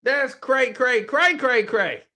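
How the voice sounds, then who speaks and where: A man's voice: very high voice, slow, pushed and bright. A man streaming casual reaction commentary, mocking what he reads, swearing freely and laughing often.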